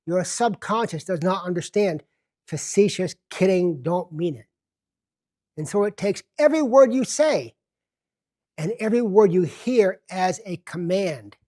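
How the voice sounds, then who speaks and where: A man hosting a self-help television show, teaching in a deliberate, emphatic way and slowing down to stress key words. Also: sits high, expressive, a little mellow. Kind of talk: self-help lecture to camera.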